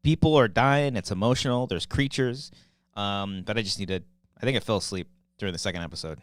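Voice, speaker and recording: A man's voice: lowish voice, a little fast. A man in his thirties co-hosting a podcast, chatting loosely, joking and swearing freely. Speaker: podcast co-host. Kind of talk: casual chat.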